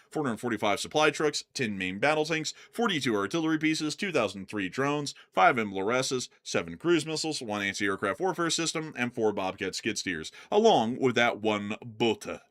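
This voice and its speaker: Bright-voiced joking male news host. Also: mid-range voice. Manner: jokey, loose, stumbles over words. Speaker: host of a war news livestream. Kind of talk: casual news commentary.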